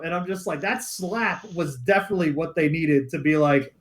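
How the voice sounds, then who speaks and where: Casting: young male podcaster, high-pitched, animated, swears freely while recounting a school story. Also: normal speed, background noise. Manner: animated, profane, acts out quoted voices. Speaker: podcast co-host. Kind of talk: casual storytelling chat.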